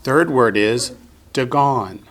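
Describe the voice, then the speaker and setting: A man's voice: medium pitch, takes it slowly, a bit bright. A man teaching Biblical Hebrew in a classroom, patiently drilling students with call-and-response.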